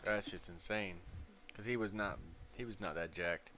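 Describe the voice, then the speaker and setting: A man co-hosting a casual podcast chat, blunt and profane, talking excitedly. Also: deep voice, normal speed, noisy background. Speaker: podcast co-host.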